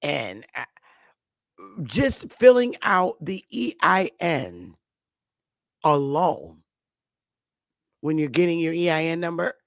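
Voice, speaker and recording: A woman's voice: deep voice, big pitch swings, slow, vocal fry, pauses often, no echo, studio quality. A woman hosting a casual morning talk show, rambling and blunt, with frequent swearing.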